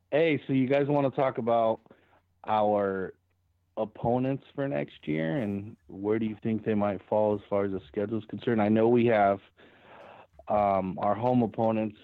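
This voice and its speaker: Low-voiced man on a tinny line. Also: a little slow, dry recording. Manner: laughs through his stories. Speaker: podcast co-host. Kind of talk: casual chat.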